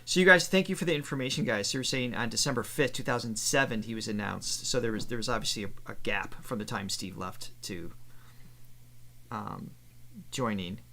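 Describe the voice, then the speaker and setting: A man's voice: fairly low pitch, fairly quick, vocal fry, pushed and bright. A man co-hosting a live reaction stream as a vocal coach, casually reading out facts and poll options and laughing easily.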